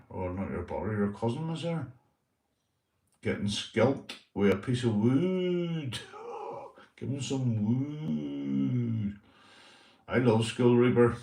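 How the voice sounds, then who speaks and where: A man's voice: fairly low pitch, a little mellow, reverberant, recorded from a distance, low-quality recording. A Northern Irish man telling stories on his livestream, swearing often and asking "right?" after almost every line. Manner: swears a lot, repeats "right?" and "mate". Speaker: livestream host. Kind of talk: casual livestream storytelling.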